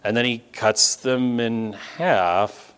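A man preaching a conversational sermon, animated and full of asides, who also teaches students. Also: mid-range voice, slow, clear, resonant tone. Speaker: pastor and teacher.

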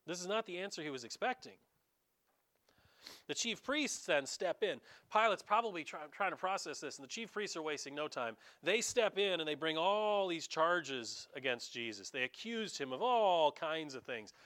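Man, pastor, conversational sermon, fairly high voice, dramatizing, addresses the congregation directly. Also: moderate pace. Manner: animated, dramatizing, talks straight to the congregation.

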